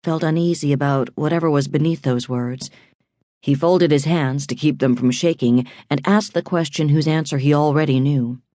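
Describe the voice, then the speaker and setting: A woman narrating a crime thriller audiobook in a measured, suspenseful reading. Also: deep voice, dark tone, dry recording, clean studio sound.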